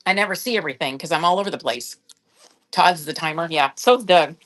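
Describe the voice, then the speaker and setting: A woman's voice: low-pitched, fairly quick, a bit bright. A middle-aged woman chatting casually on a live-stream sale, rambling and thinking aloud while she checks sizes. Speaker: online reseller selling on a live shopping app.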